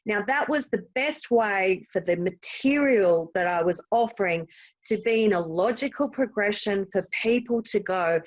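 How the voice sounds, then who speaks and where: A woman's voice: mid-range voice, normal speed, low-quality recording. A woman from Australia, a guest in a podcast interview, explaining things in a bubbly way and laughing readily. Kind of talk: casual interview chat.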